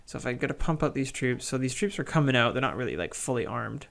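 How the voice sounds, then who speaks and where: A man's voice: medium pitch, animated, quick pace, creaky, a bit bright. A man giving casual, wry play-by-play commentary on a strategy game he is playing. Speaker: gaming channel host.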